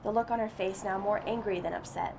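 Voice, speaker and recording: Female story reader, earnest and steady, gravelly tone. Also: mid-range voice, fairly quick, background noise. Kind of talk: first-person story reading.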